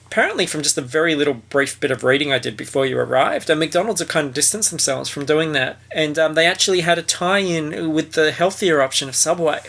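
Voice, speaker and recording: A woman's voice: low-pitched, a little fast, vocal fry, few pauses, fairly bright tone. A woman hosting a podcast, chatting casually with crude, jokey banter. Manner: crude jokey banter, puts on mock voices. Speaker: podcast host. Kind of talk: casual comedic book chat.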